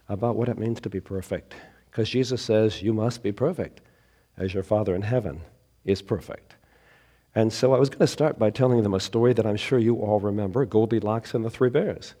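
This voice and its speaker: A man preaching as a pastor at an evening church service, his voice hoarse from laryngitis, telling a story in a conversational way and building emphasis on key points. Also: lowish voice, brisk, dark tone. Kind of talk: sermon with a children's story.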